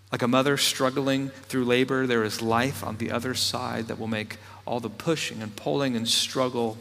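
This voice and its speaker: A man preaching a sermon. He swings between loud, emphatic passages and soft, low ones. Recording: long hall reverb.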